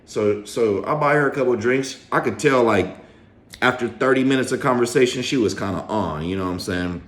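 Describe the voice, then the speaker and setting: A man's voice: mid-range voice, a little fast, roomy sound. A man telling a story to camera in a casual, slangy, profane way, with lots of swearing. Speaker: storyteller vlogger.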